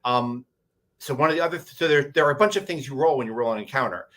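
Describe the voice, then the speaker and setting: A man's voice: medium pitch, quick pace, fairly bright tone. A man on a convention panel, animatedly telling a tabletop game story with many restarts. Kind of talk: casual panel chat.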